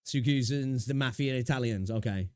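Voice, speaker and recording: A young man runs a relaxed live stream, reacting to videos and talking to his chat in easy slang. His voice sits in a plain middle range and he laughs often. The sound is dry and close, with no room echo. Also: medium pitch, a little fast. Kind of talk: casual live-stream commentary.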